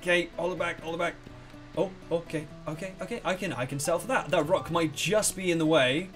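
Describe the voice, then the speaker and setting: A young man commentating a game, rambling and excitable, swearing freely. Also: on the high side, a little fast, soft background music. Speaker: let's play host. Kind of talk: gameplay commentary.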